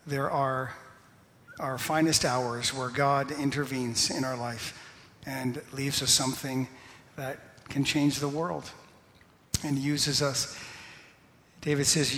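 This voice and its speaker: A male pastor giving a sermon in a church, slow and measured, laughing at himself now and then. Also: medium pitch, little pitch movement, fairly bright tone. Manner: slow, measured preaching with a self-deprecating laugh. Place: church sanctuary. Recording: long hall reverb.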